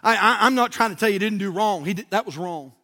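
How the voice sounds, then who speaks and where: Heartfelt, pleading church member, put on by a preacher, bright voice. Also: male voice, high voice, fast, in a large hall. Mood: earnest. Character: earnest loyal male churchgoer.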